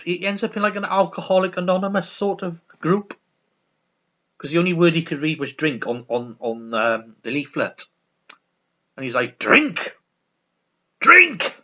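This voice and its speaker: This vlogger's voice sits on the high side and has a sharp tone. He chats casually about a sitcom he's reviewing, rambling, swearing, and often stumbling and laughing, all captured in a dull lo-fi recording.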